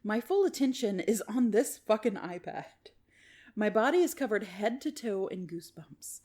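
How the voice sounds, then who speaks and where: A woman's voice: mid-range voice, lively intonation, normal speed, darkish tone. A woman co-hosting a podcast, reading a listener's story aloud and chatting casually, swearing and laughing often. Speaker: podcast co-host.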